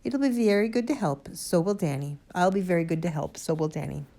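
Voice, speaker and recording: A woman's voice: on the low side, lively intonation, brisk, dark tone. A woman reading a storybook, voicing a boy's easygoing, mischievous father. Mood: agreeable.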